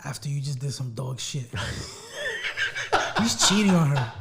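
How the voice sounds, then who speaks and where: A man with a fairly high, gravelly voice chimes in on a casual podcast chat. He lays out his opinions bluntly and emphatically, and he swears freely. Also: wildly swooping pitch, slow, very noisy. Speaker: podcast co-host.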